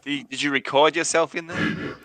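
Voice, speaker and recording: A man's voice: fairly high pitch, steady tone, normal speed, fairly bright tone. A man playing in a casual tabletop role-playing game, who asks questions and keeps steering the talk along. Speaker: player.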